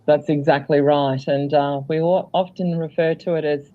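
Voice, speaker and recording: A man talks as a guest in an easygoing chat, circling his points with fillers and restarts. His voice sits at an ordinary pitch. The recording sounds dull and lo-fi. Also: little pitch movement, normal speed. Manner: rambling, hesitant with many fillers. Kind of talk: casual chat.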